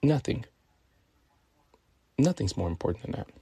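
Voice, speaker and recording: A man from California in his twenties, telling a personal story in a profane, animated way. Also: mid-range voice, moderate pace, husky, dry recording.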